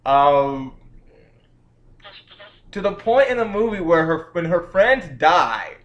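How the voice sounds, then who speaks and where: A man's voice: fairly high pitch, expressive, slow. A man giving a casual, profane, exasperated movie review rant and laughing at how bad the film is. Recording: dull lo-fi recording.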